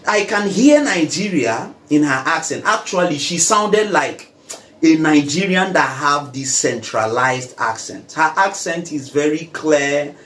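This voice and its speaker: A man's voice: on the high side, lively intonation, unhurried, a bit bright. A man hosting a casual conversation, speaking emphatically and turning to address the viewers. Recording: roomy echo, faint noise.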